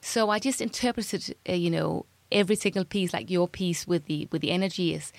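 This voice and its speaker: A woman's voice: lowish voice, a little fast, gravelly, dry recording. A woman being interviewed as a jewelry designer, talking casually with frequent restarts. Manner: chatty, many restarts and repeated words.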